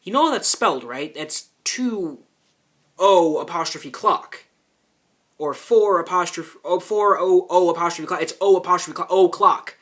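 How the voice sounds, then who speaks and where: A man's voice: high-pitched, unhurried, a bit bright. A man giving argumentative commentary in reply to a clip, explaining at length with frequent restarts and the odd curse.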